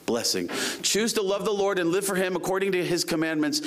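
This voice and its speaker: A man preaching a sermon, his voice sitting a little high. He reads scripture aloud at a slow, deliberate pace and presses his points with earnest, rising emphasis. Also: very animated, a bit bright. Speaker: pastor.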